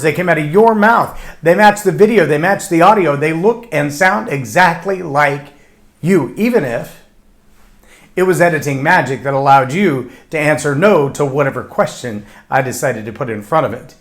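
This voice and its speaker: A man's voice: fairly high pitch, a bit bright. Emphatic male leadership podcast host. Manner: emphatic, acts out mock interview answers. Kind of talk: short leadership talk to camera.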